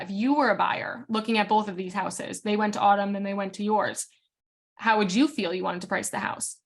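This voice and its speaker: A frank woman coaches real estate agents in a casual group session. She talks in quick bursts with fillers and restarts, at a middling pitch for a woman. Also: fairly even intonation, vocal fry.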